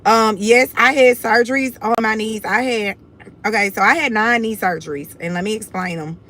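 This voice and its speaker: A woman's voice: a little high, moderate pace, fairly bright tone, a little hiss or hum. Confident Houston woman chatting on a livestream. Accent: Southern US, Houston. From Houston, Texas. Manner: confident, blunt, addresses viewers as y'all. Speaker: livestream host. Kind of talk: casual livestream chat.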